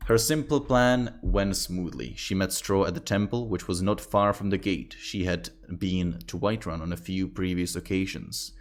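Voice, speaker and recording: A man's voice: low-pitched, moderate pace, hardly any pauses. A man reading a fantasy book aloud on a stream, breaking off now and then for offhand, joking asides. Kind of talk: casual reading with commentary.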